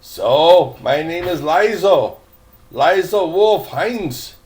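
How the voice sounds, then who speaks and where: An older man voicing a cheerful young German girl with a soft, lilting voice in a storybook reading. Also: high voice, lively intonation, takes it slowly, voice pushed up, heavily acted. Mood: friendly.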